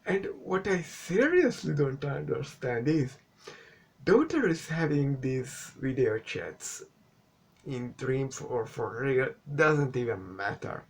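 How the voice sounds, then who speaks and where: A man speaking English as a second language delivers a relaxed, sarcastic movie review at a slow, deliberate pace. He sounds exasperated with the film's choices and swears casually as he goes. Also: medium pitch, slightly rough. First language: not English. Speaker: film reviewer.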